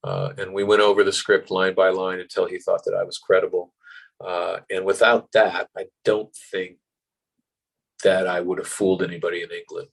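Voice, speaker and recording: Male American actor, low register, animated storyteller, casual interview guest. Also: normal speed, creaky, slightly rough, rough recording. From United States. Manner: animated, acts out voices in anecdotes, frequent fillers.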